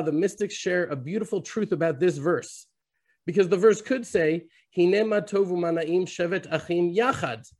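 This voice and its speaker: This is a male Bible teacher speaking over a video call, with a voice that sits a little high for a man. He tells stories with feeling and drops Hebrew words into his teaching. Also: darkish tone. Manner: storytelling, weaving in Hebrew terms. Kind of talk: sermon to an online fellowship.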